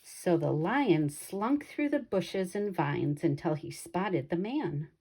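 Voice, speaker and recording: Female storybook reader, slow pace, warm and dark tone. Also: on the low side, husky. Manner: slow and expressive. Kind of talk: children's picture book read-aloud.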